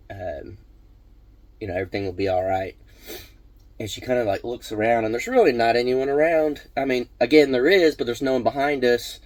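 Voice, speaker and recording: A man's voice: medium pitch, darkish tone, dry recording. A man casually telling a personal story on his vlog, rambling with many fillers and restarts. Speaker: vlog host.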